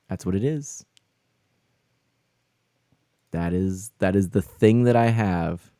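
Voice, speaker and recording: A man's voice: deep voice, slow pace, pauses often, dark tone, dry recording. A man live-streaming a game, chatting with viewers and exclaiming in flustered, laughing bursts.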